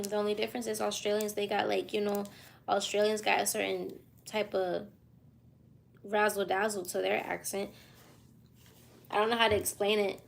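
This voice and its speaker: A sleepy young woman in her twenties chats on a late-night livestream. Her voice has a gravelly, fry-heavy edge at an ordinary middle pitch. She reads out viewer questions and answers them in an easy, slangy drawl, yawning her way through. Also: fairly bright tone. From United States. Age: 20s. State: tired and yawning. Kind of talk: casual livestream chat. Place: hotel room at night.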